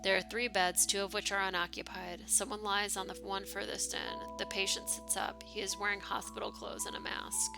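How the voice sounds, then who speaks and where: A woman's voice: medium pitch, level tone, moderate pace, creaky, hardly any pauses, over music. A woman streamer reading a story game aloud, slipping into casual asides with fillers.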